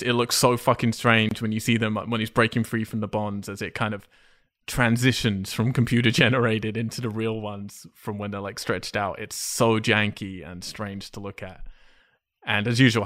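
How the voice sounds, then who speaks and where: A man's voice: lowish voice, flat delivery, moderate pace, a bit bright. A man in a casual chat, sardonic and exasperated, swearing for emphasis. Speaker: podcast co-host.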